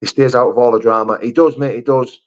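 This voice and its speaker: A middle-aged man rambles through a live chat stream, swearing freely and calling viewers mate. His voice sits at an ordinary middle pitch. The audio is a bit muffled and lo-fi. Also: fairly even intonation, fast talker. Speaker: livestream host reading chat. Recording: slightly dull lo-fi stream audio.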